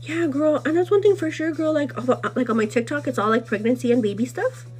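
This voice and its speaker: A young woman with a fairly high voice gossips her way through a live vlog, rambling and circling back with constant "like" and "you know what I mean." She gets animated and laughs easily, her pitch jumping up when something riles her. Faint music plays behind her. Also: fast talker. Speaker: livestream host. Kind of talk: casual chatty live vlog.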